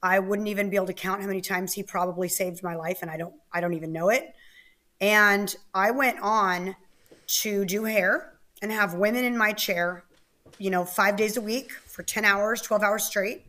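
A woman's voice: medium pitch, steady tone, moderate pace, bright, forceful tone. Brief: woman interview guest, bubbly, candid, mid-range voice. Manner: bubbly, candid, laughs often. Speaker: guest, activist and author. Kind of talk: casual interview talk.

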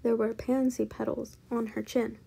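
Husky, gravelly woman reading a storybook. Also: fairly high pitch, level tone, moderate pace, mellow. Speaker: storybook reader. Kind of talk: children's book read-aloud.

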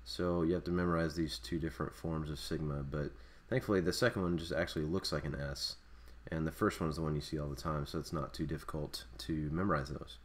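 A man's voice: extremely low pitch, steady tone, fast, few pauses. A man teaching a recorded Greek alphabet lesson, explaining off the cuff with many fillers and restarts. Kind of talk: screen-recorded language lesson.

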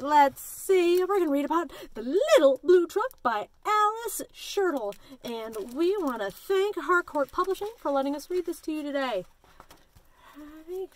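Animated sing-song woman reading to kids. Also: high voice, a little hiss or hum. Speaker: children's librarian. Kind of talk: children's story time.

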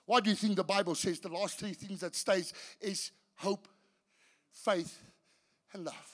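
A man preaching a sermon as pastor, swinging between hushed and shouted passages, often restarting his sentences. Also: sits high, steady tone, a little slow. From South Africa. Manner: restarts and repeats words mid-sentence. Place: church.

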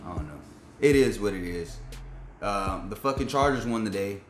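A man's voice: lowish voice, normal speed, slight background noise. A man hosting a sports fan channel, giving a frustrated, profane, slang-heavy rant reacting to his team's game. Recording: echoey room with faint background beat.

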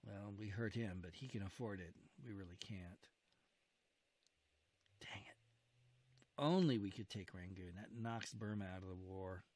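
A man's voice: low voice, measured pace, long pauses, darkish tone. A man playing a strategy wargame who comments casually, urges his units on and reacts to each turn with groans and cheers. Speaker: wargame video host. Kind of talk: casual let's-play commentary.

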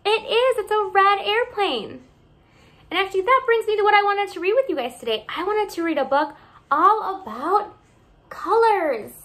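A woman's voice: extremely high pitch, expressive, moderate pace, fairly bright tone. A young woman teacher reading a picture book aloud to young children, sing-song and encouraging, asking them questions as she goes. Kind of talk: children's read-aloud lesson.

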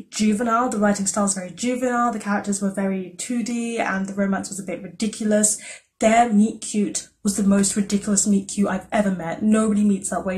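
A woman's voice: medium pitch, a little mellow. Chatty woman reviewing books. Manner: chatty and enthusiastic, with frequent "like" fillers. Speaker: book reviewer. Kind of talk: casual book wrap-up vlog.

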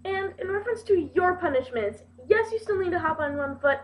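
A young woman talking to camera in a casual vlog, playful, giggly and quick to poke fun at herself. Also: extremely high pitch, animated, slight background noise. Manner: giggly, playful and self-mocking. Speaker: video blogger. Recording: dull lo-fi webcam audio.

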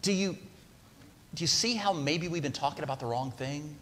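A man's voice: fairly high pitch, normal speed, fairly bright tone, a little hiss or hum. A man preaching a sermon in a church, talking conversationally and putting questions to the congregation. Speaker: pastor. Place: church sanctuary. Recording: long hall reverb.

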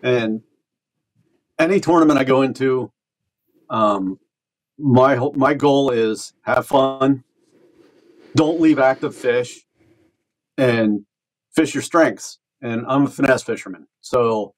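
Man, podcast guest, medium pitch, laid-back rambling talk. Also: takes it slowly, long pauses, poor audio. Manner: relaxed, rambling with restarts. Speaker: podcast guest, kayak bass angler. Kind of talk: casual chat.

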